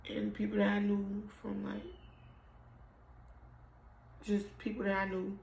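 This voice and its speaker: A young woman tells the story of losing her son, halting and emotional, often trailing off. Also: mid-range voice, monotone, creaky, darkish tone, slight background noise. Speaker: mother telling her story. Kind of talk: personal storytelling to camera. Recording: roomy echo.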